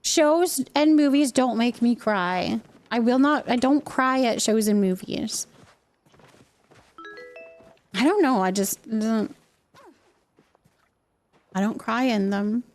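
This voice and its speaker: A woman's voice: on the high side, takes it slowly, long pauses, a little mellow. Chatty, laughing woman streamer. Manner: chatty, laughs often, talks to viewers as you guys. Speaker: livestreamer and mother. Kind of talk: casual live-stream chat while playing a game.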